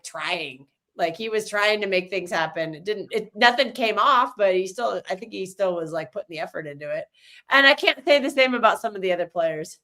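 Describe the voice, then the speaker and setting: A woman's voice: mid-range voice, bright, forceful tone. A woman co-hosting a casual streamed football chat, ranting in a frustrated, rambling way. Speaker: co-host.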